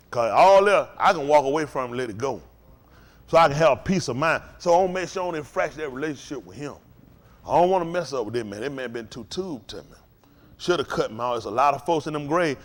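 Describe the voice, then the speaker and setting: Fiery high-pitched preacher man. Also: animated, fast. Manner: swings from shouted peaks to low intense murmurs; folksy, repetitive preaching cadence. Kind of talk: impassioned sermon with call-and-response. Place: house of worship.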